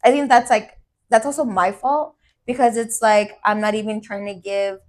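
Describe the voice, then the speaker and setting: A young woman with a fairly high voice tells a personal story on a casual podcast, candid and loose, filling her speech with "like" and dropping swear words. She talks easily, as if to a close friend. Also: fairly even intonation, moderate pace, darkish tone. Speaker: podcast co-host. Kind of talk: casual chat.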